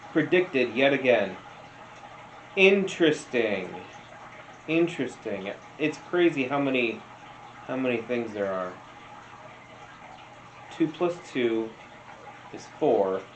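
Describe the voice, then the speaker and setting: A man doing casual meme reaction commentary, rambling, telling stories and laughing often. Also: medium pitch. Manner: slow, rambling, laughs a lot. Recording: roomy, dull lo-fi sound with faint noise.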